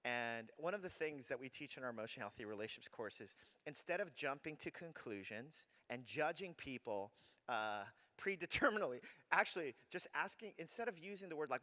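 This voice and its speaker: A man in his thirties preaching a sermon, telling a personal story with animated energy and acting out his own shouting. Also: on the high side, fairly quick. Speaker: pastor. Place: church hall. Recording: long hall reverb.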